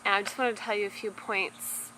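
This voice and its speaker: A woman's voice: medium pitch, fairly even intonation, brisk, pushed and bright, a little hiss or hum, low-quality recording. A young adult woman casually reviewing a parenting book to camera, talkative, with lots of fillers and restarts.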